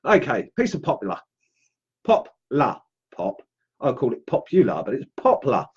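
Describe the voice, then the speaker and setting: Chatty man, lively voice. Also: mid-range voice, moderate pace, husky, lo-fi sound. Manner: chatty and upbeat, greets viewers while carving. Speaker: woodcarving instructor live-streaming. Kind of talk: casual live demo, chatting with viewers.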